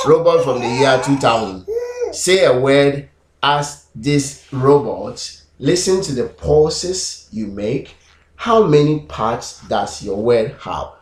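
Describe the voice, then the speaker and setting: A man teaching pronunciation, repeating example words slowly and syllable by syllable. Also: mid-range voice. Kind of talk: classroom-style lesson. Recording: echoey room.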